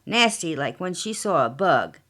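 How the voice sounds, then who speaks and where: A quiet older husband with a falsely sweet, syrupy politeness, as a woman narrator voices him. He coos his lines gently, sly under the courtesy, like a character in a read-aloud mystery. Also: fairly low pitch, big pitch swings, measured pace, heavily acted.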